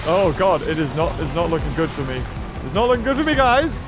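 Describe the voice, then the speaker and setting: A young man hosting let's-play commentary, excitable and full of exclamations. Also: high-pitched, quick pace. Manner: excitable, frequent exclamations and laughs. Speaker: gaming channel host. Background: game music.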